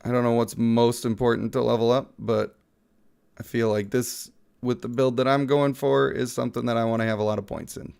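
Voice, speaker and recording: A man's voice: medium pitch, little pitch movement, brisk, gravelly, darkish tone, clear, resonant tone. A man who is sick, giving casual, playful live-stream commentary on a mobile game and chatting with viewers.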